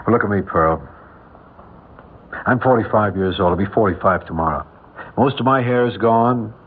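A modest middle-aged working man, earnest and a little halting. His voice is husky. It comes through a narrow, tinny old radio broadcast. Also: fairly low pitch. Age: 40s. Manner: hesitant, earnest. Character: plain, modest filling-station owner, gentle and humble. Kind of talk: 1940s radio acting.

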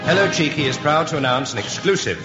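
A man announces in a crisp, mock-formal style on a comedy radio show. His voice sits a little high. The old recording is echoey and dull, with music behind it. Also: animated, fast.

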